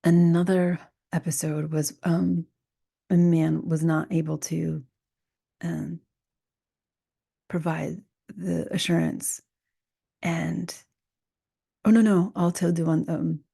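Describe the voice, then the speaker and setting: Woman host, warm low tone, flat delivery, soft half-whispered reflective monologue. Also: takes it slowly, vocal fry, pauses often, breathy edge, dry recording, studio quality. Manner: soft, often half-whispered, musing with restarts. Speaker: podcast host. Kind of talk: reflective solo podcast talk.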